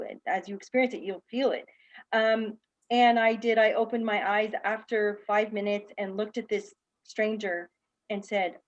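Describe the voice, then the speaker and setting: A woman's voice: mid-range voice, muffled recording. A woman on a video call, telling her personal story candidly and acting out the people in it, as a guest speaker and teacher. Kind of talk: personal story told in a panel talk.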